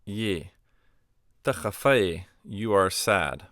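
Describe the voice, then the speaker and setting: Low smooth-voiced man teaching grammar. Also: expressive, extremely slow, a bit bright, no room sound, studio quality. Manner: patient explaining with spoken examples, fillers like um and uh. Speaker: language teacher. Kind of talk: recorded grammar lesson.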